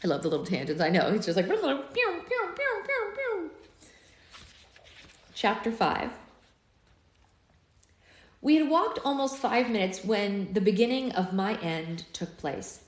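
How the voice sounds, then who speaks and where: A woman's voice: medium pitch, expressive, normal speed. A woman hosting a live book club, reading chapters aloud with playful, chatty asides. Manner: chatty, playful, goes off on tangents. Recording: roomy echo.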